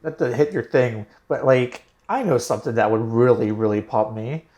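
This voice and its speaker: A man's voice: mid-range voice, moderate pace, a little mellow. A young man on a casual gaming podcast, enthusiastic and repeating his emphasis words. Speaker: podcast co-host. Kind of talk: casual chat.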